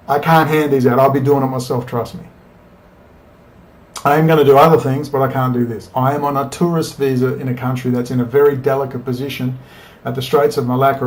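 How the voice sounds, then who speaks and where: A man's voice: mid-range voice, darkish tone. A man giving a combative, profane monologue to camera, firing off rhetorical questions as a political commentator. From Australia.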